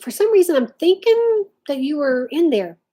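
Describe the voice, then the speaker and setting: A woman's voice: high voice, sing-song, normal speed, warm tone. A woman hosting a casual craft livestream from home, chatting and reading viewer comments aloud. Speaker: livestream host.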